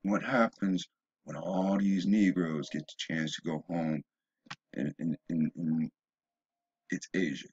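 Man, rambling opinion monologue, husky voice, stumbling restarts, dull lo-fi sound. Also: low-pitched, fairly even intonation, slow pace, darkish tone. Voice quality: stumbling restarts, emphatic rising bursts. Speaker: video blogger.

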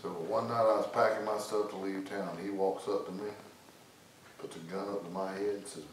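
A middle-aged man giving joking marriage advice as a wedding guest, telling stories with a drawn-out, jokey manner. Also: deep voice, steady tone. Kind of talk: joking storytelling. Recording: echoey room, distant mic, noisy.

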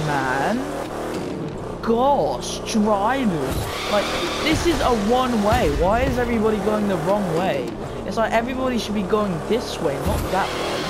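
The clip is very noisy, with loud game music behind a young gaming creator sitting at home. In a high, animated voice at a measured pace, he offers loose, rambling commentary on his play, full of slang and asides to viewers.

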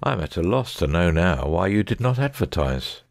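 Sherlock Holmes, a man playing a deep, measured detective. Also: sing-song, gravelly, no room sound, full character voice. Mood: probing. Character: sharp, composed male detective. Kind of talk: dramatic audiobook reading.

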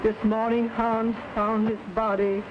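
An actress playing a deferential, dutiful housekeeper in 1930s film acting style, speaking politely. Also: female voice, a little high, little pitch movement, measured pace, close to an everyday voice. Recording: muffled old film soundtrack with hiss.

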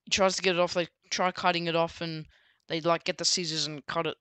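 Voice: mid-range voice, little pitch movement, brisk, pushed and bright, smooth, dry recording. A book reviewer casually recapping a story, rambling with many fillers and restarts.

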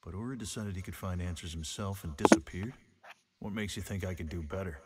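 A man's voice: deep voice, fairly quick, very noisy, close to an everyday voice. An actor playing a wry young male hunter freed from prison, speaking drily and sardonically.

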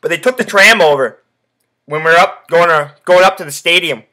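A man's voice: on the high side, a little fast, sharp tone. A young man hosting a sports podcast, telling a rambling story packed with swearing and fillers. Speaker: podcast host. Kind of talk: casual sports podcast chat.

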